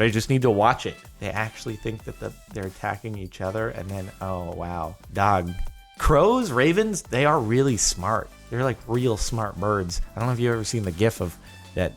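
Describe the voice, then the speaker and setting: A man hosting a casual video reaction, chatty and quick to laugh. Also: on the low side, fairly bright tone. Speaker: YouTube host.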